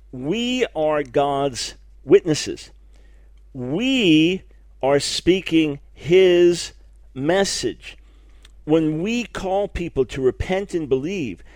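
A middle-aged male preacher delivering a broadcast sermon in a fairly high voice. He is emphatic and fervent, doubling words for stress. The sound is dry and close, with no room around it. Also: a little mellow, no room sound. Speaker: preacher and radio Bible teacher.

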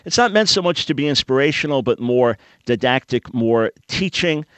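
A man's voice: mid-range voice, animated, normal speed, a bit bright, no echo. A male talk radio host speaks into a studio microphone in a plainly teaching, emphatic manner. He builds his points with simple everyday analogies. The sound is close and dry, with no room around it. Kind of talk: call-in talk radio monologue.

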